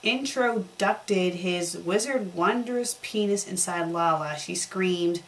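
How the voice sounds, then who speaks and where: Deadpan woman reading fanfic aloud. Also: fairly low pitch, takes it slowly. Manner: deadpan mocking commentary on spelling errors. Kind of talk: comedic dramatic reading with sarcastic asides.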